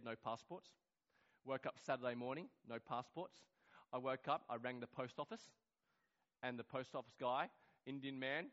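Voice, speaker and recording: A man with a high voice delivers a sermon as a lively story. He acts out what everyone said, swinging from loud, excited outbursts to hushed, quiet moments. The recording sounds a little dull and lo-fi. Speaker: pastor.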